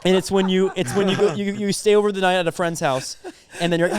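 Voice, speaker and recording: A man's voice: sits high, fast, noisy background. A young man co-hosting a comedy podcast, chatting casually and giggling as he riffs through bits. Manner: giggly, riffing through bits with quoted voices. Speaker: podcast co-host.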